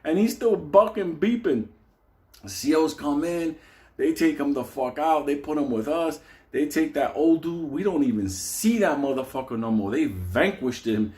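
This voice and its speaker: Profane, animated New man telling a story. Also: a little high, moderate pace. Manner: profane, animated, laughs often, acts out voices. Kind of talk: casual comedic storytelling.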